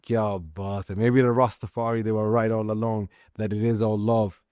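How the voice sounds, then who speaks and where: A man's voice: on the low side, flat delivery, moderate pace, darkish tone, no echo, studio quality. A man talking straight to his viewers in a casual monologue, swearing freely and speaking with passion that turns prayerful. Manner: profane, impassioned, turning prayerful. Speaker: vlogger.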